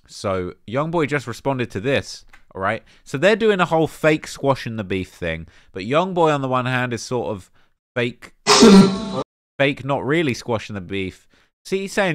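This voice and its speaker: A man hosting a rap commentary show, talking casually in slang with animated emphasis and lots of fillers. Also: mid-range voice, moderate pace, dry recording, clean studio sound. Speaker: host of a rap commentary channel.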